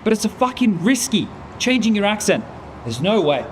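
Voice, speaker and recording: Casting note: fed-up man tearing into a teammate, a bit high-voiced, faint hum behind. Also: very animated, moderate pace. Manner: angry, swearing lecture. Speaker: caster in a comedy sketch. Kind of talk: scripted comedy sketch.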